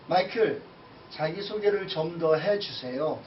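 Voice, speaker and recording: A man voicing a friendly classroom teacher in a recorded textbook dialogue, addressing the class briskly and upbeat. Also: a little high, a little hiss or hum, natural voice. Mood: instructing. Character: friendly male classroom teacher introducing a new student. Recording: distant, echoey, muffled lo-fi audio.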